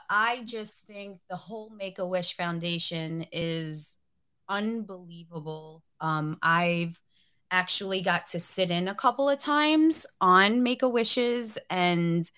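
A woman co-hosting a podcast, speaking in a heartfelt, soft way and getting choked up at times. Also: medium pitch, slow, clean tone. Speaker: podcast co-host. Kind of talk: casual chat.

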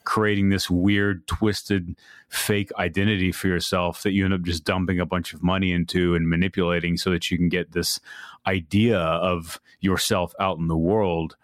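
Deep-voiced laid-back male author, dry sound. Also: little pitch movement, normal speed, no room sound. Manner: laid-back, filler-heavy, casual swearing. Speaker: podcast guest, author. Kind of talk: casual conversational interview.

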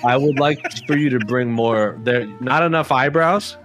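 A man's voice: mid-range voice, moderate pace, a bit bright, soft background music. A man co-hosting a casual podcast, speaking in a mock-serious, joking critique. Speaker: co-host.

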